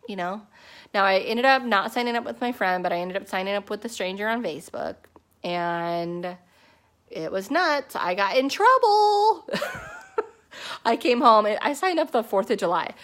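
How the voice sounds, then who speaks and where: A woman's voice: medium pitch, moderate pace. Chatty woman telling her story. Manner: chatty, animated storytelling with many fillers. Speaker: network marketing distributor. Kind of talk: casual personal testimony to a team.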